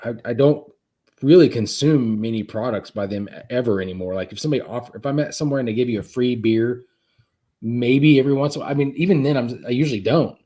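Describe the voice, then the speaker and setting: A man with kids, a guest chatting casually on a live stream, talking in halting bursts with many restarts. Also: medium pitch, mellow. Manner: halting, lots of restarts and fillers. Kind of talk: casual chat. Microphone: live stream setup.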